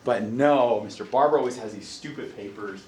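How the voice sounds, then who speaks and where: Recorded from a distance in an echoey classroom, a man with a mid-range voice gives an animated college psychology lecture at a moderate pace. He tells anecdotes, acts out his own reactions, and quizzes his students.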